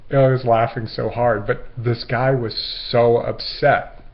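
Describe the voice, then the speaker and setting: A man's voice: medium pitch, little pitch movement, measured pace, vocal fry, dull audio. A man hosting his own show, rambling through anecdotes in a casual monologue, laughing at his own stories and acting out the lines of others. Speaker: host.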